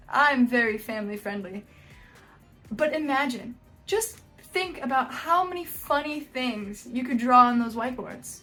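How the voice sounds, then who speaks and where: Woman, high voice, casual reaction vlog, jokey, self-deprecating, animated. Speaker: video host.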